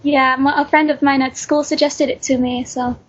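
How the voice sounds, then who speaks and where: High-voiced hesitant young woman guest. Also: level tone, moderate pace. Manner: hesitant, lots of ums. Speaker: guest, aspiring voice actor. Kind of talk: casual podcast interview. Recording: dull lo-fi recording.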